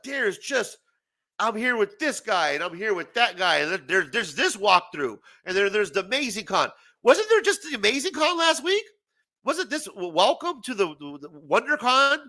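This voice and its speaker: Animated, profane male talk-show host. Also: high-pitched. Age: 40s. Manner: profane, animated, laughs often. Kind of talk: casual late-night rant.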